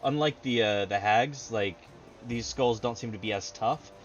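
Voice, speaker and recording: A man narrates a tabletop battle as game master, easygoing and quick to laugh. His voice sits at an ordinary pitch. The stream audio is muffled and lo-fi, with soft music underneath. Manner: laid-back, laughs often, many fillers.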